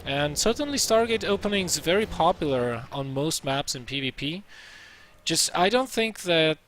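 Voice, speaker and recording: A man's voice: fairly high pitch, lively intonation, normal speed, fairly bright tone, a little hiss or hum. A man casting a strategy game match, chatty and self-deprecating, with lots of filler words. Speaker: esports caster. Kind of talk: play-by-play game commentary.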